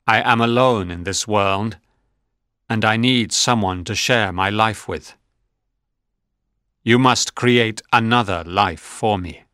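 A man's voice: fairly low pitch, pushed and bright, no room sound, studio quality. A man reading Frankenstein's brooding creature. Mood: grim. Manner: slow, heavy, accusing. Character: Frankenstein's lonely, bitter male creature. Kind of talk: storybook reading.

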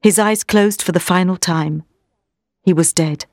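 A woman narrating a classic story in a measured, expressive reading style. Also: on the low side, no echo, clean studio sound.

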